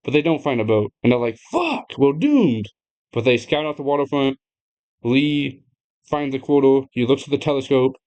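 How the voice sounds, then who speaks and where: An excitable young man recaps a game's story for his viewers in a loose, chatty way. His voice sits at an ordinary middle pitch. He laughs often and swears freely as he talks. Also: fairly quick. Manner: chatty, addresses viewers directly. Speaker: gaming video creator. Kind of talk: casual retelling of a game story.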